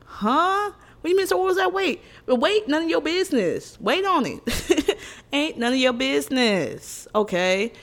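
A young woman vlogger telling funny stories about her family in a casual chat. She is animated and blunt, with exclamations, laughs and cursing. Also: high voice, unhurried. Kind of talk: casual comedic storytelling to camera.

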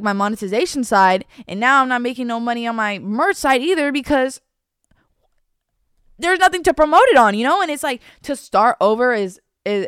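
This young woman's voice sits on the high side, smooth with a fairly bright tone, captured in clean studio sound with no echo. Hosting her own podcast, she rambles in a casual, confessional way, restarting often, using fillers and saying "bro."

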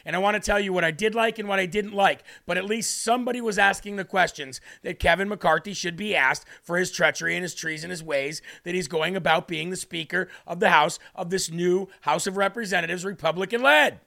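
A man's voice: high-pitched, gravelly, pushed and bright. A man hosting a live show, leading a prayer and then giving combative, emphatic political commentary. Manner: combative, emphatic, drawn-out delivery. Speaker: host.

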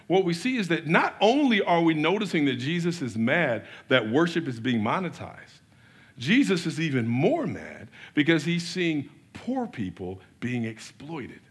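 A pastor preaching a sermon in an animated way, asking rhetorical questions and swinging between loud and soft. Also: male voice, a little high, a little slow, husky.

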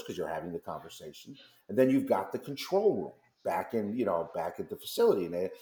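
Guesting in a radio studio, a company founder with a fairly low, slightly mellow voice tells a long story, playing out both sides of phone calls, in an echoey room.

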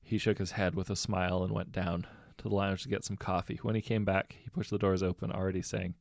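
A man narrating a fan fiction audiobook in a steady, wry storytelling manner. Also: low voice, fairly quick, vocal fry, no room sound, studio quality.

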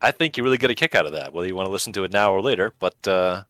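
A man's voice: low voice, animated, very fast, a bit bright, dry recording. A man cohosting a podcast in casual chat, riffing sarcastically and tossing out mock quotes. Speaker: podcast co-host.

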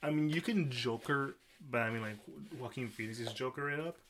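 A man's voice: medium pitch, moderate pace, a bit bright, slight background noise. A man co-hosting a casual podcast, rambling and often restarting his sentences. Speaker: podcast co-host. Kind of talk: casual chat.

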